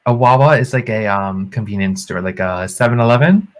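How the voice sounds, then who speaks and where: A man's voice: lowish voice, fairly quick. A man co-hosting a podcast, telling a story animatedly and acting out the quotes in a raised voice. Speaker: podcast co-host. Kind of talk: casual storytelling chat.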